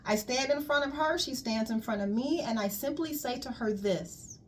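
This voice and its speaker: A woman's voice: on the high side, normal speed, a little hiss or hum. A woman colon hydrotherapist giving a casual spiritual wellness talk, emphatic and repetitive, calling listeners "queen.".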